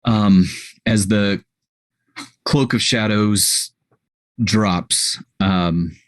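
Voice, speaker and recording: A man's voice: on the low side, steady tone, drawn-out words, no room sound. A man playing in a tabletop role-playing game, describing his character hesitantly with many ums. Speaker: player.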